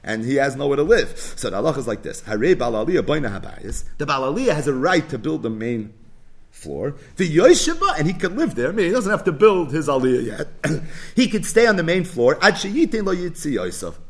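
Man teaching a lively Talmud lesson. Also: a little high, fairly quick. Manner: explains in English mixed with Hebrew and Aramaic terms; conversational, asks and answers his own questions. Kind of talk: daily Talmud page lesson.

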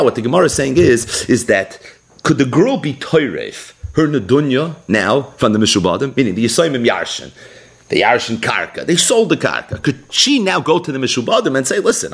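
A man teaching a Talmud class in an explanatory way, mixing English with Hebrew and Aramaic terms. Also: mid-range voice. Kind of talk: daily Talmud page class.

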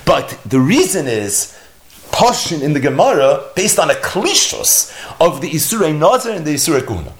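A man's voice: fairly high pitch, very animated, moderate pace. A man teaching a Talmud lesson, explaining point by point with rhetorical questions and many Hebrew and Yiddish terms. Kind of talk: Talmud lecture.

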